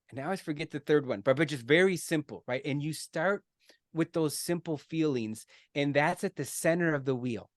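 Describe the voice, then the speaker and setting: A man's voice: a little high, no room sound, studio quality. A middle-aged man giving an earnest, conversational explanation as a podcast guest, often checking in with "right?" and restarting his words.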